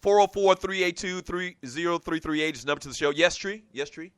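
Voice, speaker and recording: Picture a Southern radio host with a thick Geechee accent, telling a football story in a high, bright voice. He gets animated and loud when he reaches the big moments. The mic sounds close and dry, with no room echo. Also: fairly quick, clean tone. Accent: Geechee, South Carolina Lowcountry. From South Carolina. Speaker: radio talk show host. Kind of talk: casual sports talk radio.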